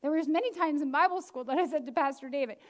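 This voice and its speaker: A fast-talking, high-pitched middle-aged woman gives a spirited sermon, breaking into laughter often and impersonating the people she quotes.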